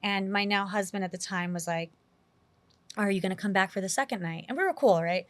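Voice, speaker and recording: A woman's voice: medium pitch, brisk, no echo. A middle-aged woman from New York City, a guest in an interview, telling a personal story in a candid, casual way full of "like" and "you know".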